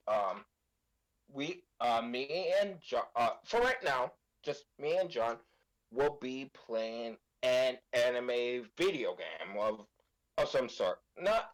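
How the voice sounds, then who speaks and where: A man co-hosting a casual stream, halting and hesitant, full of ums as he lays out plans. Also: mid-range voice, low-quality recording. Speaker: co-host.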